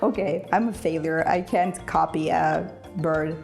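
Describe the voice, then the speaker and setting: A woman's voice: deep voice, fairly even intonation, a little slow, creaky, a little mellow, faint music behind. A young woman whose first language is Ukrainian, teaching English in a playful, chatty video lesson and laughing often. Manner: playful, laughs often, imitates animal sounds.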